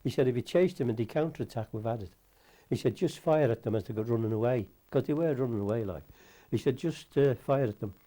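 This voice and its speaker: Elderly man, dark gravelly storytelling. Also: medium pitch, quick pace. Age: older. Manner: rambling anecdotal, salty, mild swearing. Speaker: war veteran interviewee. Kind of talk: casual storytelling interview.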